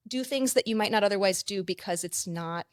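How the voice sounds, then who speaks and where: A woman's voice: medium pitch, fairly quick, no room sound, studio quality. A woman counselor and play therapist explaining ideas in a conversational interview, with frequent "like" fillers.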